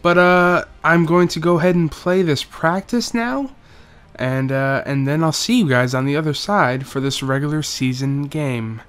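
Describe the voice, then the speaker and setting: A man's voice: on the high side, normal speed, fairly bright tone, smooth. A young man giving casual, joking commentary over a football video game, rambling through stats and doing mock play-by-play. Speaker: gaming YouTuber.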